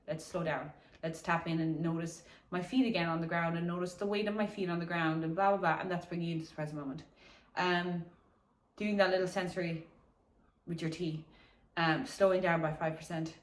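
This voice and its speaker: Low-voiced woman chatting on a walk. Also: little pitch movement, normal speed, echoey room, far from the mic. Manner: meandering, chatty, swears casually, laughs often. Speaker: wellness vlogger. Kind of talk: casual reflective talk to camera. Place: outdoors on a morning walk.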